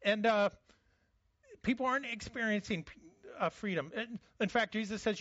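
A man's voice: sits high, normal speed, fairly bright tone, muffled recording. A man preaching a conversational sermon as a pastor, often restarting his words.

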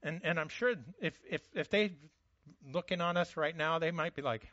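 A man's voice: on the high side, normal speed, pushed and bright, no room sound, muffled recording. A man preaching a conversational sermon as a pastor, often restarting his words.

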